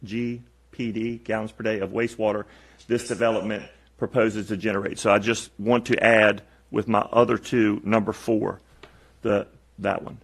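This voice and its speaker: A man serving as a county commissioner, reading out conditions for a motion in a halting way, correcting himself as he goes. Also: fairly low pitch, flat delivery, vocal fry.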